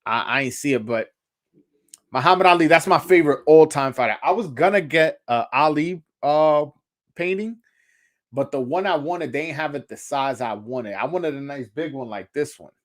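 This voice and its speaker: A Brooklyn, New York man hosts a casual boxing livestream, rambling along with plenty of filler words and slang. His voice sits on the high side and moves at a moderate pace.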